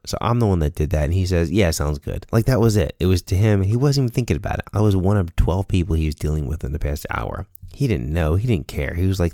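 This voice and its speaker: Earnest male storyteller, deep and mellow, casual monologue, dry recording. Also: expressive, fairly quick, no echo. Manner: earnest, storytelling with quoted dialogue. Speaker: speaker sharing a personal lesson.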